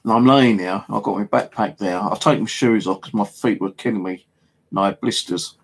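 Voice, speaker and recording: A man's voice: on the low side, brisk, creaky, husky. A man with an English accent telling a rambling, casual story, heavy on fillers and swearing. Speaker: paranormal vlogger. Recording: home video monologue.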